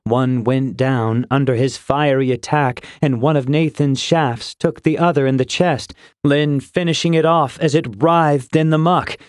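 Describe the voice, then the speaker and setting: A man reading a fantasy audiobook in measured, steady storytelling, close to a studio mic. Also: mid-range voice, dry recording. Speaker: audiobook narrator. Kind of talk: scripted fantasy narration.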